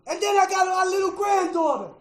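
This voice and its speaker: A middle-aged man telling his recovery story to a meeting, emotional, with a preacher-like rhythm, going from hushed to shouting and repeating "man.". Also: extremely high pitch, expressive, fairly quick, echoey room, poor audio. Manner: preacher-like, repeats phrases, says "man" often. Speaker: recovery speaker at a fellowship meeting. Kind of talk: personal testimony to an audience.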